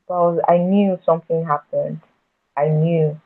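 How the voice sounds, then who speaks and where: A woman guest telling her own story in a conversation, halting and earnest, often restarting and repeating words. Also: lowish voice. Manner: earnest and emotional when recounting her past. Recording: tinny phone-like audio.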